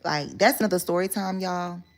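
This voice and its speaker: A woman with a low voice and a gravelly edge rambles through a personal story for her viewers. She talks candidly and swears freely, circling back and correcting herself as she goes. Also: moderate pace. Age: adult. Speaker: vlogger telling a story. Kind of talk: casual story time monologue.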